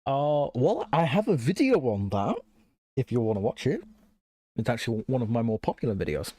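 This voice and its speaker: A man's voice: medium pitch, big pitch swings, a little fast, dark tone, dry recording. A man streaming live while he works on a computer build, thinking aloud, answering chat and often apologizing. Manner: apologetic, self-conscious.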